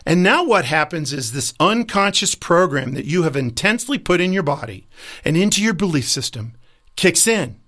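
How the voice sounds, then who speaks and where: A man with a fairly high speaking voice delivers a motivational talk as a life coach. He speaks emphatically and slips into the voices of the people he quotes. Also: very animated, normal speed, a bit bright.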